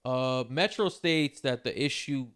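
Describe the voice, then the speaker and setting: A man hosting a podcast in casual chat, animated and heavy on "yo" and "like". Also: medium pitch, measured pace, clear, resonant tone. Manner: animated, peppers speech with "yo" and "like". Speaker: podcast host.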